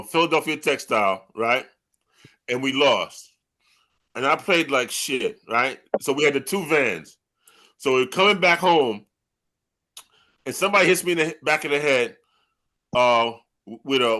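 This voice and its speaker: A man's voice: medium pitch, expressive, unhurried, pauses often, pushed and bright. An older man telling rowdy stories with old teammates in casual chat, swearing freely and tagging lines with "man" and "right?". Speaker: host.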